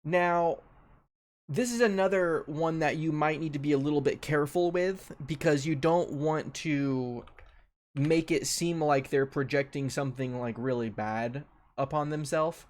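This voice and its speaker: A man's voice: fairly high pitch, a little slow. A young man giving casual commentary as a streamer ranking a tier list, offhand and loose, often repeating his own phrases.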